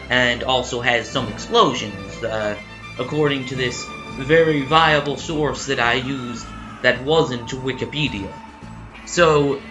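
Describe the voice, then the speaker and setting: A man's voice: mid-range voice, poor audio. A man with a put-on American cowboy drawl, giving a jokey, mock-serious comedic prediction. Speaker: video commentator.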